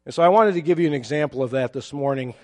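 A pastor preaching a sermon, explaining a Bible passage in a measured, teacherly way with occasional fillers. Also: male voice, fairly high pitch, darkish tone.

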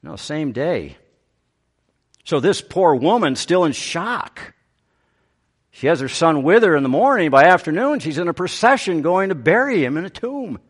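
A man preaching a sermon, swinging from raised, emphatic phrases to hushed, gentle ones. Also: on the high side, moderate pace, slightly rough. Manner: animated preaching, voice rising and dropping to a hush. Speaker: pastor.

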